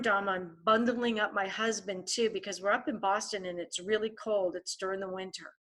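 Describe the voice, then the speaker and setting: A woman's voice: medium pitch, fairly bright tone. A woman guest author telling a vivid story in a podcast interview, often turning to the host by name.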